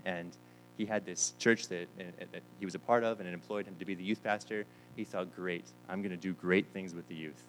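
This pastor's voice sits low and steady, moving a little fast, as he tells stories in his sermon and voices the characters' lines, repeating words as he goes. The recording is low quality, with faint music behind him.

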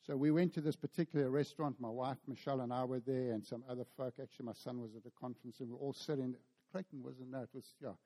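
Middle-aged South African man, animated storytelling preacher, warm dark tone, big reverberant room. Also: medium pitch, fast, few pauses. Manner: storytelling, animated, acts out dialogue. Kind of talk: sermon. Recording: long hall reverb.

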